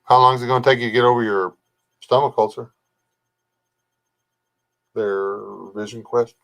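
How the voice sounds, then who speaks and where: An older man with a drawl hosts a laid-back livestream and rambles in a folksy way. He greets viewers by name and wanders between thoughts. His voice sits at an ordinary middle pitch. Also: steady tone, moderate pace, a bit bright. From Texas. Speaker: livestream host. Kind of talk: casual live chat reading comments.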